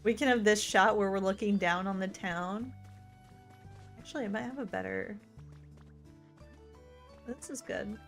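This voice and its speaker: A woman streaming a game in casual let's-play commentary. She is chatty and excitable, and she swings between gushing and muttering to herself. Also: medium pitch, measured pace, long pauses, faint music behind. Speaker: gaming streamer.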